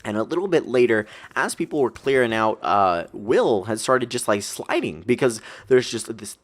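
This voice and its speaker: A young man casually telling a long party story, rambling and swearing, jumping up in pitch when he acts out quotes. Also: sing-song, normal speed. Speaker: storytelling vlogger.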